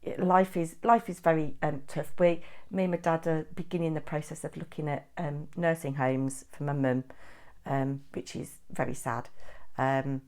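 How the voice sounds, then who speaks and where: A middle-aged woman from England, chatting and telling stories in a vlog update, animated and ranting at times. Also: low voice, normal speed. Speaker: craft vlogger.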